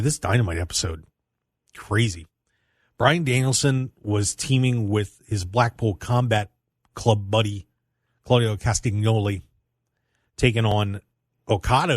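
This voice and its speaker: A man's voice: dry recording, studio quality. A man hosting a wrestling radio show, chatting casually and teasing his co-host. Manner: animated, teasing, jumps high in pitch when reacting.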